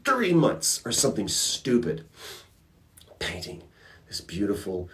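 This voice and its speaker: A man hosting a casual livestream, answering fan questions with reflective advice and animated storytelling. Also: lowish voice, takes it slowly. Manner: animated storyteller acting out characters.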